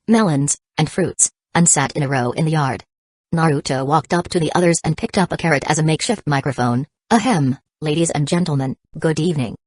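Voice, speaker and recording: A woman narrating an audiobook in an even, steady reading. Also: low voice, no room sound.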